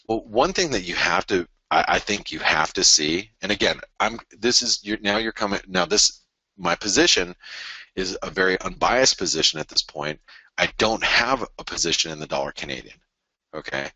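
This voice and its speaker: Man, forex show host, deep voice, bright forceful tone, restarts sentences, chart analysis. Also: normal speed, breathy edge, no room sound, rough recording. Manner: animated, restarts sentences, argues with imagined viewers. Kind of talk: live trading chart analysis.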